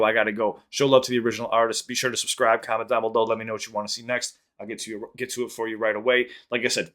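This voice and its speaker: A man hosting a reaction channel, rambling through a story and quick sign-off plugs in casual chat. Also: mid-range voice, a bit bright.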